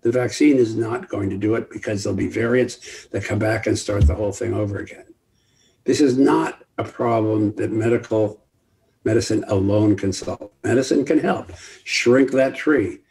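An older man speaking as a guest expert on an online panel call, emphatic and lively, often acting out quoted voices. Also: lowish voice, normal speed, gravelly. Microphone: video call.

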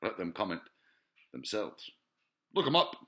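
A low-pitched man with wildly swooping pitch and a bright, forceful tone speaks at a measured pace. His profane monologue rambles and digresses, full of hesitations, filler sounds, musing, and rhetorical questions.

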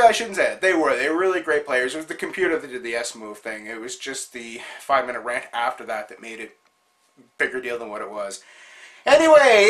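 A young man hosting his own video show, casually telling a story about an online hockey game and acting out his friends' lines. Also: high-pitched. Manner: animated, acts out quotes of friends.

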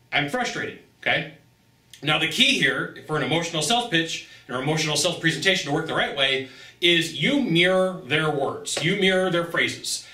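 A man's voice: a little high, pushed and bright. A man coaching salespeople straight to camera, talking with lots of energy and acting out exchanges between buyer and seller. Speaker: sales trainer. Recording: roomy sound, mic at a distance.

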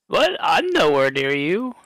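A man's voice: fairly high pitch, expressive, measured pace, a bit bright, clear, resonant tone, no echo. A man playing a tabletop game, casual and easily confused. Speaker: player.

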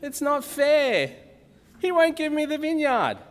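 A man's voice: sing-song, a little slow, in a large hall, full character voice. A man doing a whiny sulking king. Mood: whining. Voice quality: high whining pitch. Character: whiny sulking male king, self-pitying.

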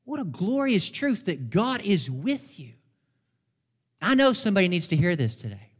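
A man preaching a sermon as pastor, fervent, slowing down to stress key words. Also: high voice, sing-song. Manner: fervent, slows down for emphasis. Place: church sanctuary. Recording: long hall reverb in a church.

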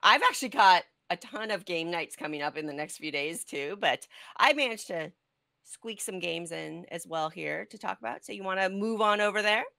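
Rambling woman co-host, bright lowish voice. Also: lively intonation, normal speed, gravelly, no room sound. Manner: rambling, conversational, many fillers. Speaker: podcast co-host. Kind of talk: casual chat about board games.

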